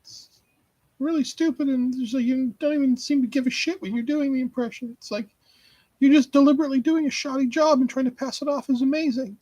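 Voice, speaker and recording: A man doing a high whiny nervous cartoon teen Morty. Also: fairly even intonation, a little fast, warm tone, no room sound, rough recording. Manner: stammering, complaining. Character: nervous whiny teenage boy sidekick.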